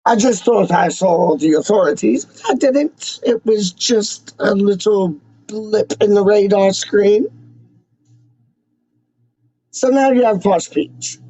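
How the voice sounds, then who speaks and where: A man hosting a livestream as a self-styled, snobbish Englishman, rambling slowly in pompous rhyming nonsense. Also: high voice, dark tone, dry recording. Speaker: livestream host. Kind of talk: comic in-character livestream ramble. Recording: dull, lo-fi, dry sound.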